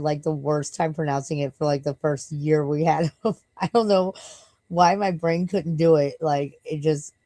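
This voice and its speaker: A woman with a low, deep-set voice chats on a late-night live stream, tired and rambling. She swears a lot and keeps turning aside to scold or coo at her dog. The sound is close and dry, with no room around it. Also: dark tone, no echo, rough recording.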